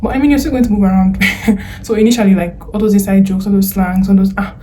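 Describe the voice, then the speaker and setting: A woman's voice: medium pitch, fairly even intonation, fast talker, mellow, a little hiss or hum. A young Nigerian woman with a Nigerian accent, giving chatty, earnest advice in a casual vlog, full of fillers and slang. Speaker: vlogger.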